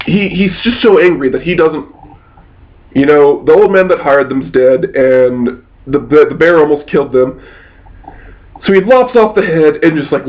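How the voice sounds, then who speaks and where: A man's voice: medium pitch, muffled recording. A man recounting a tabletop game session as its game master, telling it casually and rambling with frequent restarts and mild swearing.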